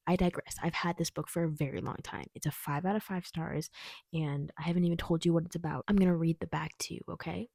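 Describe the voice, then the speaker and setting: A young woman who vlogs about books talks through her recent reads from home, wandering off topic and laughing a lot. She speaks fast in a lowish, steady, gravelly, mellow voice, and the recording is dry and clean like a studio.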